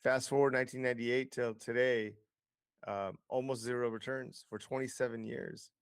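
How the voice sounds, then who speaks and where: A man's voice: mid-range voice, steady tone, moderate pace, smooth, no echo, studio quality. A man as an interview guest, explaining investing with lots of figures, fillers and restarts. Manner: explanatory, data-heavy, frequent fillers and restarts.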